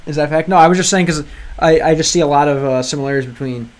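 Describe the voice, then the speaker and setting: Racing along in a fairly high-pitched voice, a man livestreams a game to learn Spanish. The casual chat rambles and hesitates, with many ums and restarts, as he translates lines out loud and answers his chat.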